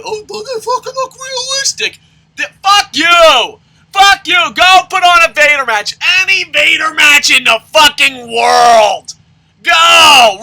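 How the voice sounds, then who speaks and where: A man hosting wrestling news, ranting loudly with constant swearing and shouted outbursts. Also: very high voice, vocal fry, rough recording. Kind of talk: profane ranting commentary.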